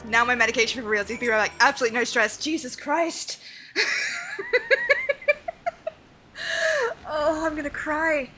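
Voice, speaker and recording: High, bright-voiced excitable woman streamer. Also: fast talker, hardly any pauses, low-quality recording. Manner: excitable, swears often, frequent laughs. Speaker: game streamer. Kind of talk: live-stream chat while gaming.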